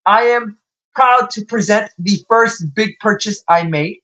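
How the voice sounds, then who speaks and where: A young man with a slight Latin American Spanish accent, hosting a live toy unboxing stream and gushing with excitement. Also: a little slow, highs cut off. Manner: excitable, gushing, wide pitch jumps.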